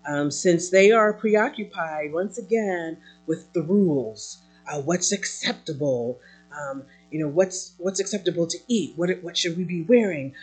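Woman preaching, sermon, husky breathy voice, slow and drawn out, faint music and hum behind. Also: fairly low pitch. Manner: expressive, swinging between loud emphasis and soft asides, with fillers.

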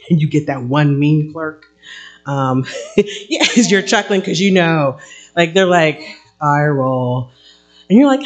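A woman pastor giving a conversational sermon, acting out little everyday scenes as she preaches. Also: sits low.

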